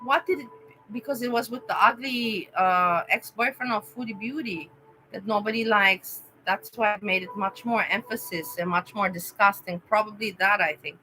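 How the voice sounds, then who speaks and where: Bright-voiced woman chatting on a livestream. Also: mid-range voice, normal speed, slight background noise, rough recording. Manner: emotional, rambling, addresses chat viewers by name. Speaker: livestream host chatting with viewers. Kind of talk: casual live-stream chat.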